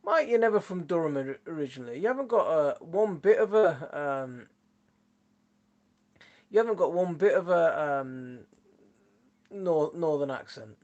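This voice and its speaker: A man's voice: fairly high pitch, lively intonation, unhurried, long pauses, darkish tone, dull audio. A man with a Yorkshire accent hosting a casual gardening live stream, rambling and chatty as he answers viewer comments, laughing often on a phone mic. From Yorkshire, England. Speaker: gardening channel host.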